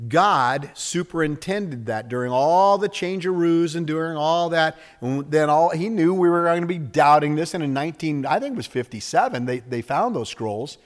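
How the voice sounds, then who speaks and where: Animated older man preaching in a hall. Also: on the high side, normal speed, few pauses. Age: 60s. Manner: animated, acts out quoted voices, jokes with congregation. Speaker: pastor. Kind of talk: sermon.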